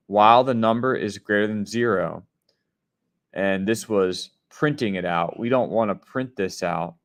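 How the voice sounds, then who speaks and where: A man teaching a coding lesson, explaining step by step and checking in with his students as he goes. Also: fairly low pitch. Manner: step-by-step explaining, often checking in with "right?" and "okay?". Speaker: programming teacher. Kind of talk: screen-share coding lesson.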